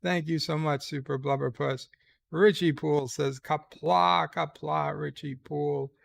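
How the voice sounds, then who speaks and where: A man hosting a casual live stream from bed, reading out chat messages in a slow, halting way with dry, irreverent remarks. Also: a little high, steady tone, gravelly. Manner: slow, halting, with many pauses and fillers; wry and irreverent. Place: lying in a bed.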